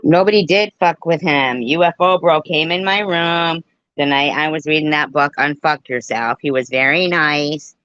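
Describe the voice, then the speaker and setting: A woman's voice: sits low, normal speed, a bit bright, clear, resonant tone, dry recording. A woman hosting a casual live-stream commentary, joking crudely and swearing freely. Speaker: commentary host. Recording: dull muffled dry sound.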